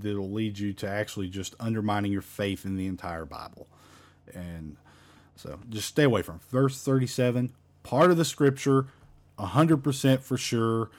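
A man's voice: lowish voice, darkish tone. A man teaching a verse-by-verse Bible study in an emphatic, repetitive, conversational way.

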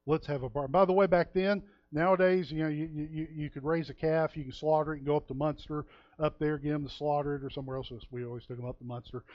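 Guy preaching, folksy storyteller, acts out the quotes, kinda high voice. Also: fairly even intonation, fast, no room sound. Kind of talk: sermon. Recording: dull, dry lo-fi sound.

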